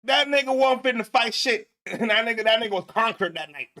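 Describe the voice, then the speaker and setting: Male host, very high bright voice, laughing and swearing through reaction commentary. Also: animated, normal speed. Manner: laughing, profane, emphatic repetition. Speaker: show host.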